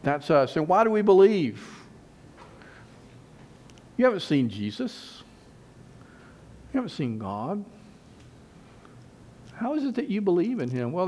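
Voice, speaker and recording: A man preaching a sermon as pastor, emphatic, repeating phrases and slowing down on key words. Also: fairly high pitch, a little mellow, a little hiss or hum.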